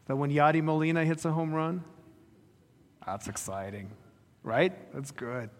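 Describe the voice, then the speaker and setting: A man's voice: fairly high pitch, expressive, measured pace. A man preaching a sermon, retelling a story and pressing his listeners with rhetorical questions. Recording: reverberant hall.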